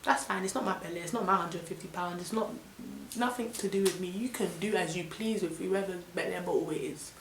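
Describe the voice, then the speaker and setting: A young woman with a London accent telling an animated, indignant storytime vlog full of slang. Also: fairly low pitch, brisk, roomy sound, slight background noise. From London, England. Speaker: vlogger.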